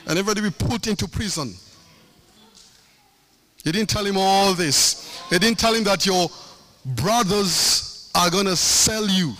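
A man's voice: high voice, animated, unhurried, pauses often, sharp tone. A middle-aged man preaching a sermon, impassioned, with a sing-song cadence and lots of repetition.

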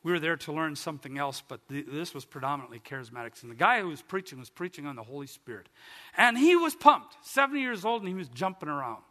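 Animated male pastor in a reverberant hall. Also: fast talker. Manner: animated storytelling, voice climbing high when excited. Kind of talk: sermon.

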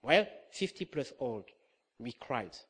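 A middle-aged man preaching a sermon, telling a personal story with lively acted-out dialogue and frequent laughter. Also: mid-range voice, takes it slowly, slightly rough. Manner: animated storytelling, acts out dialogue, laughs often.

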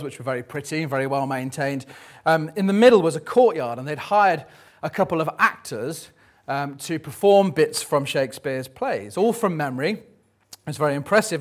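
A man in his thirties preaching a Sunday sermon, conversational and jokey, with frequent ums. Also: on the high side. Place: church service.

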